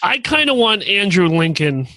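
A man's voice: high-pitched, sing-song, normal speed, pushed and bright, dry recording. A man co-hosting a podcast who chimes in with short quips, questions and bits of trivia. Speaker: podcast co-host. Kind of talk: casual chat.

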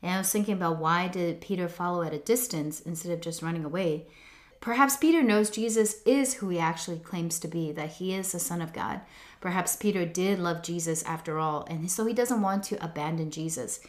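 A woman reads a devotional reflection in a slightly low voice. Her delivery is earnest and measured, with a reflective, unhurried tone. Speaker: devotional speaker.

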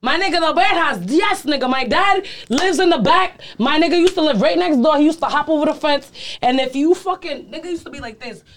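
Brash, loud young woman storyteller. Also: sits high, expressive, fairly quick, few pauses, slight background noise. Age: 20s. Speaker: podcast guest. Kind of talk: casual chat.

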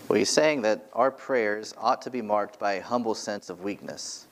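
Earnest low-voiced man preaching a sermon. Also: normal speed, slight background noise. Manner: earnest, emphatic, repeats key phrases. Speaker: pastor. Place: church sanctuary, from the pulpit.

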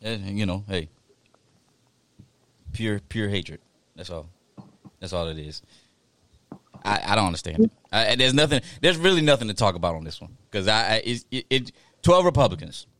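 A man's voice: on the low side, expressive, moderate pace, long pauses, fairly bright tone. A man co-hosting a casual talk show, thinking aloud with repeated words. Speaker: podcast co-host. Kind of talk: casual chat.

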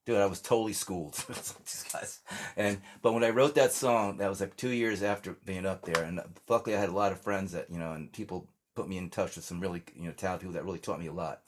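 A man's voice: low-pitched, steady tone, quick pace, a little hiss or hum. An older American man, a singer-songwriter, chatting casually in an interview and telling rambling stories with lots of restarts. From United States. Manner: rambling storyteller, many restarts and fillers.

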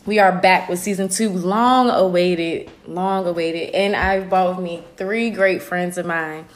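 A woman's voice: fairly low pitch, a little slow. A woman hosting a podcast, chatting casually and teasing her guests. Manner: playful, teasing, lively introductions. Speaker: podcast host.

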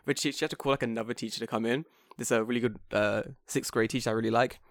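A man from England chatting casually and telling a funny story, swearing freely and putting on high squeaky voices to mimic people. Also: steady tone, racing, dry recording, studio quality. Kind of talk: casual chat.

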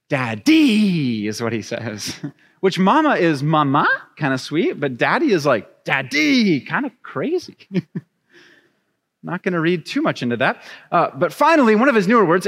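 A young adult man preaching a sermon, reading scripture and then telling a chatty, animated story with laughs. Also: high voice. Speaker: pastor. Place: church sanctuary. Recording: long reverb of a church hall.

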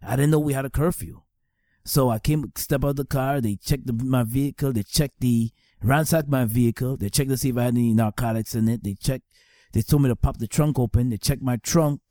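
A man's voice: medium pitch, fairly even intonation, fairly quick, warm tone, no echo, studio quality. A middle-aged man from Staten Island, giving earnest personal testimony and repeating phrases for emphasis. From New York, Staten Island.

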